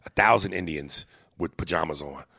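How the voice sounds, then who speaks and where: A man co-hosting a casual chat, talking animatedly and profanely and slipping into quick impressions. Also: very deep voice, gravelly, bright, forceful tone, husky, no room sound, studio quality. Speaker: podcast co-host. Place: hotel room.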